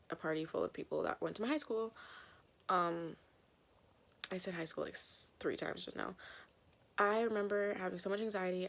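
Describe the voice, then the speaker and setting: Speaking on the low side with vocal fry and a fairly bright tone, a woman in her twenties from Canada rambles through a story to her camera. She's casual, full of fillers and swearing, recorded on a compact camera mic.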